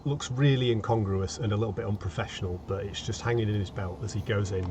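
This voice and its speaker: A man playing a tabletop game, relaxed, describing what his character does. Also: fairly low pitch, fast, background noise. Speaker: player.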